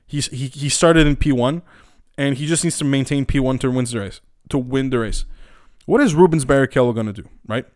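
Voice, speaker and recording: A young podcast host with a medium-pitched voice delivers casual commentary in a clean, dry studio recording. He is rambling, opinionated, animated, and profane, using many fillers and restarts.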